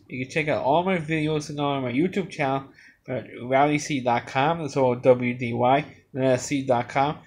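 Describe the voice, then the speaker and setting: A man's voice: mid-range voice, a little hiss or hum. A man giving an unscripted movie review, rambling along with many restarts and fillers.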